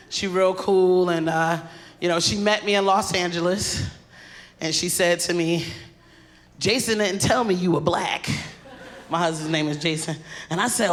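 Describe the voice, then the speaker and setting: A woman comedian doing a stand-up set on stage into a handheld mic, animated and laughing through her punchlines. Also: lowish voice.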